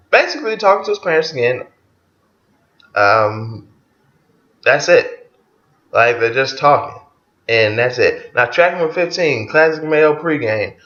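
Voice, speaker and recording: In a roomy, dull lo-fi recording, a man with a medium-pitched, fairly bright voice reviews an album track by track. His take is loose, profane and casual, punctuated by frequent chuckles.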